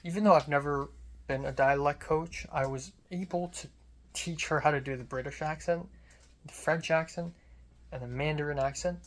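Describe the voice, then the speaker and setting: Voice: mid-range voice, fairly even intonation, normal speed. A young adult student filmmaker telling a casual vlog story in a rambling way, full of fillers and restarts.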